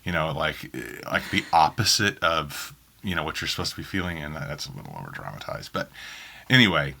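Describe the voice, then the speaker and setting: Very deep-voiced man, faint Southern accent. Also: very animated, brisk, vocal fry, bright, forceful tone, slightly rough. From Oklahoma, US. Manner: rambling, many ums and restarts. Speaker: audiobook narrator. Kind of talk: casual interview answers. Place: small home booth in a spare bedroom.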